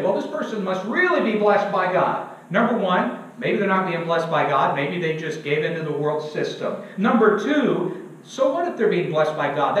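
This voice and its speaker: A young male preacher giving an emphatic sermon in a church, asking the congregation to fill in words and joking at his own expense. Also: high-pitched. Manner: self-deprecating humor. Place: church sanctuary. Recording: very echoey church, distant and dull.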